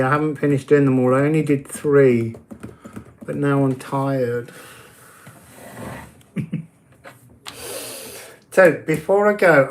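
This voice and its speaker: A man's voice: on the high side, a little mellow, a little hiss or hum. A man giving oracle card readings in a casual live-stream chat, talking easily, answering viewers' comments and laughing often.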